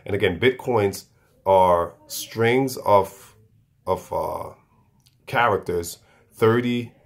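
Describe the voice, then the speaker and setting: Deep-voiced man explaining haltingly. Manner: halting, restarts and repeats words. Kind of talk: unscripted explanation.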